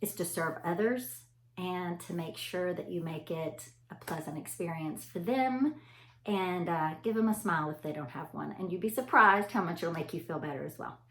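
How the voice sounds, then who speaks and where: A woman's voice: lowish voice, normal speed, a bit bright. A middle-aged woman, a chatty storyteller talking straight to her listeners in a casual motivational talk. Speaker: anesthesia provider. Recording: echoey room.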